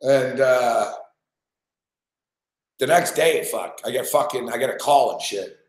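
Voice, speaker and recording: A man's voice: mid-range voice, slow. Profane rambling man in a roomy room. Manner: profane, rambling, many restarts. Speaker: sports betting show host. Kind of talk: casual storytelling. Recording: roomy echo.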